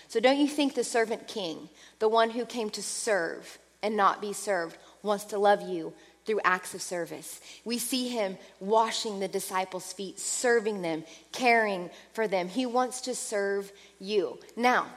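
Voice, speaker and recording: A woman preaching a sermon earnestly, moving between lively passages and soft, hushed ones. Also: on the high side, unhurried, big-room sound.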